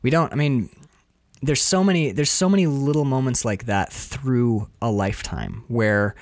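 A man's voice: medium pitch, moderate pace, no room sound. A man hosting a casual chat about a film, telling stories in a loose, rambling way and slipping into playful voices for the people he quotes. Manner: animated storyteller, jumps into playful quoted voices; loose, rambling delivery with restarts.

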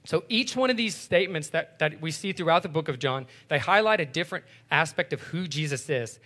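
A man teaching through a Bible passage in a relaxed, conversational way, often checking in with his listeners by asking "right?". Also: a little high, brisk.

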